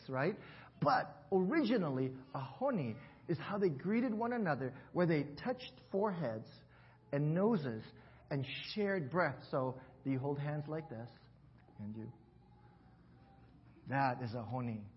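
Man preaching, lo-fi church audio. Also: on the high side. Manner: warm teaching, invites congregation to repeat words. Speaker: pastor. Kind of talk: sermon. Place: church sanctuary.

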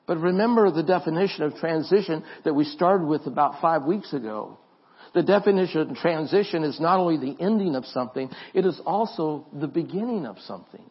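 Male pastor, sermon, high husky voice, earnest repetition. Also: lively intonation, fairly quick, lo-fi sound. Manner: earnest preaching with repeated phrases and restarts.

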